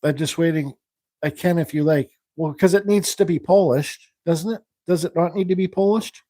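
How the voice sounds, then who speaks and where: Mellow-voiced man chatting while he carves. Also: fairly high pitch, normal speed, no room sound. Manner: rambling, thinks aloud while working; reads viewer questions aloud. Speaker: woodcarving livestream host. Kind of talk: casual live demonstration chat.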